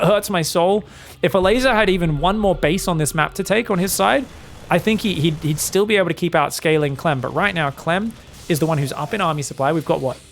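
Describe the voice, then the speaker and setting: A man casting an esports match solo, excitable and jokey, with casual swearing. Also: a little high, gravelly. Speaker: esports commentator. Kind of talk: solo game commentary.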